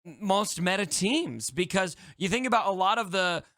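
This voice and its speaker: Hyped man with a higher voice. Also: normal speed, dry recording, clean studio sound. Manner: excited, animated, hyped. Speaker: guest content creator. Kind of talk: enthusiastic gaming discussion.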